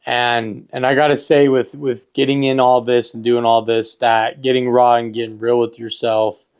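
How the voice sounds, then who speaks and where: A man's voice: mid-range voice, little pitch movement, normal speed, darkish tone, clear, resonant tone. A man co-hosting a self-help podcast, talking earnestly and repeating phrases for emphasis. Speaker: podcast co-host. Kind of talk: casual motivational chat.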